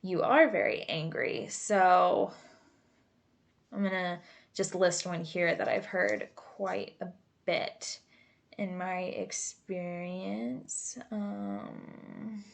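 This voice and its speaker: A woman therapist talks through an exercise in a slow, unhurried way, full of casual fillers and little asides. Her voice sits a bit low, and she takes her time over every point. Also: gravelly. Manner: relaxed, chatty, many fillers and asides. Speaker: creative arts therapist. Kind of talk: casual instructional talk.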